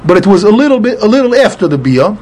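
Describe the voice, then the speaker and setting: A man's voice: high-pitched, big pitch swings, fast, darkish tone. Methodical man explaining a Talmud text. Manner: repeats words often while explaining, patient and methodical; spells out Hebrew letters and vowels with Ashkenazi pronunciation. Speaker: Talmud study teacher.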